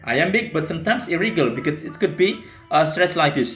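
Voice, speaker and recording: A man with a fairly high, expressive voice teaches a poetry lesson at a moderate pace, his tone a bit bright. He hesitates and uses many fillers while explaining, then reads verse aloud with a rhythmic lilt. The recording sounds roomy, with faint music behind him.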